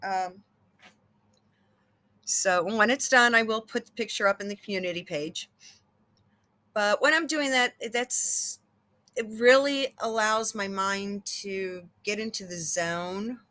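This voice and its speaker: A woman's voice: mid-range voice, slow pace, long pauses, pushed and bright. A woman who hosts her own psychic channel, chatting casually in a rambling way with many fillers and restarts. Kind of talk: casual chat.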